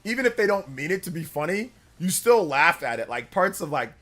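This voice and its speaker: A young man chatting casually on a live stream, animated, laughing often and breaking into high character voices. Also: a little fast.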